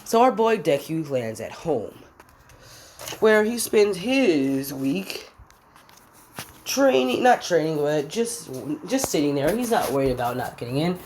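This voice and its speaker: Woman storyteller, low voice with lively swings, loose rambling delivery, keeps correcting herself. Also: a little slow, slight background noise. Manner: rambling, self-correcting, filler-heavy. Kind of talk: casual fan-fiction retelling.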